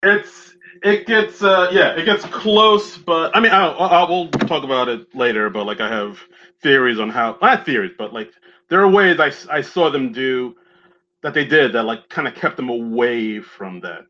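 A man's voice: mid-range voice, expressive, normal speed, pushed and bright. A man co-hosting a podcast in casual chat, rambling with lots of "like" and restarts. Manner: rambling, many fillers and restarts. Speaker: podcast co-host. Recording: dull lo-fi mic with faint hum.

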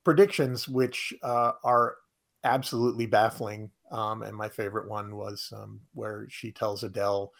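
A man co-hosting a casual podcast, recapping a comedy sketch with many pauses and fillers. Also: fairly low pitch, fairly even intonation, creaky. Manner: hesitant, lots of fillers. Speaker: podcast co-host. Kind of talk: casual chat.

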